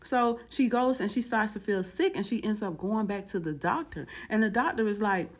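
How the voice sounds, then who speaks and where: A woman telling a story in a casual storytime style, animated and slangy, acting out each quoted line. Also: medium pitch, moderate pace. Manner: slangy, relaxed phrasing. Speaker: vlogger.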